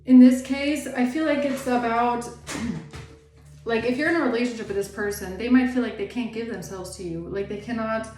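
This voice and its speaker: A woman's voice: fairly high pitch, steady tone, normal speed, dark tone, soft background music. A woman giving a casual tarot reading, rambling and chatty, with lots of "like" fillers. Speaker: tarot reader. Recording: roomy echo, faint background noise.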